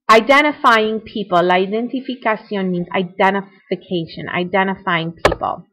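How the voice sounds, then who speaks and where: A woman's voice: mid-range voice, fairly bright tone, poor audio. A young adult woman teaching a recorded Spanish grammar lesson, explaining points conversationally with repetition and small asides. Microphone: computer mic for screencast.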